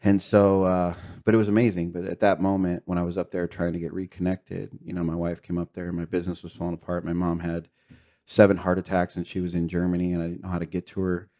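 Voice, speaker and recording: Deep-voiced man sharing a raw testimony. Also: monotone, fast, mellow. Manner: earnest, confessional, with frequent fillers and short laughs. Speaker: podcast guest. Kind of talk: candid personal testimony.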